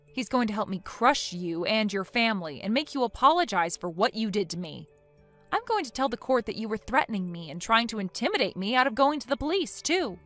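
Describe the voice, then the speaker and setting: A synthetic woman's voice reading a text-message story in a cold, firm and measured way. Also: mid-range voice, very animated, a bit bright, faint music behind.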